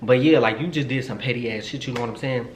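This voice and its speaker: A young man in his twenties tells a story to his viewers, animated and playful, with plenty of swearing. His voice sits at an ordinary pitch. The room rings noticeably, and a light hiss runs underneath. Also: quick pace. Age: 20s. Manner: chatty and animated, swears a lot, jokes and teases. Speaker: vlogger. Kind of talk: casual storytime. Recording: roomy echo, faint noise.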